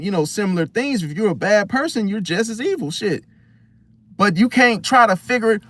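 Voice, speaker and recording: A man giving a casual, preachy monologue about astrology, full of slang and rhetorical questions like "See?". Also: high voice. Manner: slangy, blunt, swears casually. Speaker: astrology vlogger.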